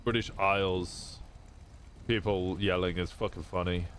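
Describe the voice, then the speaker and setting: A man with a fairly low voice chats loosely with friends on a role-play stream. He is nosy and cheerful, swears without a second thought, and lets his sentences trail off. A faint hiss sits underneath. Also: steady tone, unhurried, fairly bright tone. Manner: chatty and curious, swears casually, trails off mid-sentence. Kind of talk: casual out-of-character chat on a role-play stream.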